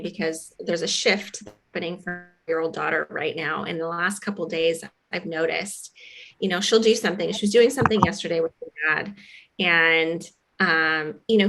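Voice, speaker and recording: A woman's voice: lowish voice, a bit bright. A woman podcast host telling a personal story in a reflective, casual way with fillers. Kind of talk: conversational podcast chat.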